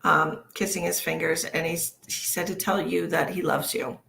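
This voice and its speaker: A woman talks her way through a casual live-stream reading as a psychic medium. Her delivery is chatty and soft-spoken, passing on messages in an easygoing, conversational way. She is speaking from her own home. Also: fairly low pitch, flat delivery, normal speed, creaky.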